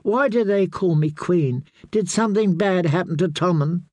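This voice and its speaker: A man's voice: high voice, normal speed, darkish tone, no room sound, voice pushed up, natural voice. A man reading an audiobook, voicing a confused young girl princess with a plaintive, questioning voice.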